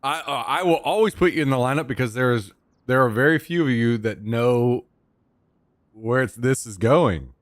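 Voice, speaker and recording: A man's voice: medium pitch, animated, moderate pace, no room sound, studio quality. A young man streaming from home into a desk microphone, in a loose, joking manner that swears casually and chats with his viewers. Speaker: livestreamer. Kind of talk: casual live-stream chat.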